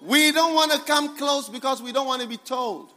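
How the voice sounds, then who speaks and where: A man, a bishop preaching a sermon to a congregation, emphatic, with bursts of shouting, laughter and repeated phrases. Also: very high-pitched, moderate pace. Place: church hall with congregation.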